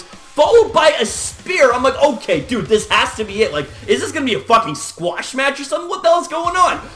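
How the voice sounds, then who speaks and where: An excitable man vlogging a wrestling recap, his high voice swinging up and down as he swears and says "like" constantly. His tone is bright and forceful, with faint music under him. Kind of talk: casual recap commentary.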